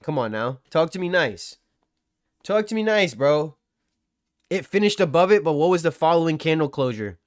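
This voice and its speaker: A man's voice: a little high, no room sound, studio quality. A man hosting a live trading stream, commentating charts and bantering with his chat in a teasing, boastful, slangy way. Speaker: livestream trading host.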